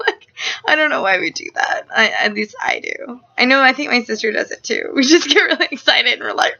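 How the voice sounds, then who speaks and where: Chatty, bright-voiced young woman vlogger. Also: fairly high pitch, a little fast. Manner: chatty, filler-heavy, jumps between topics; gets excitable and giggly. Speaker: vlogger and mother. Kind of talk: casual vlog chat. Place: at home and in her backyard. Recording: slightly dull home-video sound.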